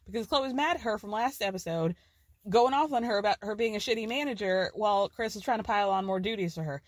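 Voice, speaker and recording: A woman's voice: medium pitch, fast talker, no echo, clean studio sound. A woman hosting a podcast, giving a chatty, profane recap of a reality show and laughing often. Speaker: podcast host. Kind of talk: casual pop culture recap.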